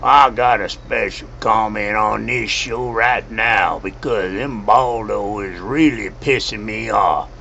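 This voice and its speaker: A man playing a grumpy old veteran who rants, curses and shouts angrily. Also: on the low side, slow, few pauses, dull audio, a little hiss or hum, full character voice. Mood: angry ranting. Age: over 60. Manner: shouting, cursing, gravelly. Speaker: show character. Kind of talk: comedic rant.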